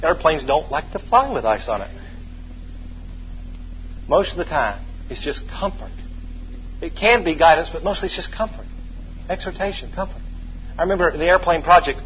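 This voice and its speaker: A man preaching a sermon, telling homey stories and leading his congregation in call-and-response, moving between quiet asides and loud, emphatic stretches. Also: a little high, muffled recording, slight background noise.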